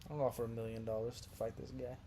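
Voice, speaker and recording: A young man casually telling crude stories on a podcast, sliding from low mumbles into loud, animated outbursts. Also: quick pace, creaky, slight background noise. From Brazil. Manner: animated, gets loud and laughing when telling wild stories. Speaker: podcast co-host. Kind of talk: casual storytelling chat.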